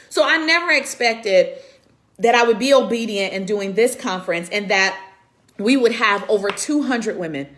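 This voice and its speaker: A woman's voice: mid-range voice, a bit bright. A woman hosting a live-streamed faith talk, speaking earnestly in a preacherly way and greeting viewers by name. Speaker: women's conference host and speaker. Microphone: computer camera mic.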